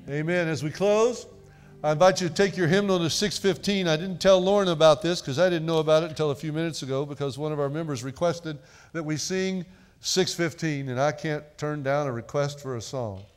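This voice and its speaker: A man's voice: a little high, brisk, clear, resonant tone. A middle-aged man preaching a sermon in a church, earnest and repeating phrases for emphasis. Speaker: pastor. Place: church sanctuary.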